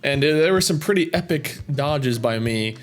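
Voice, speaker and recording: A man's voice: a little high, animated, moderate pace, faint music behind. Chatty man reading viewer comments. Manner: chatty, rambling, self-amused. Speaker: YouTube gaming channel host.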